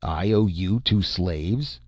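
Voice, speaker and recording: A man's voice: low voice, slow pace, darkish tone, no echo, dull audio. A man reading the lines of a suspicious rival barbarian slave master, who speaks in clipped, broken phrases. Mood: scornful. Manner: clipped broken speech, doubtful.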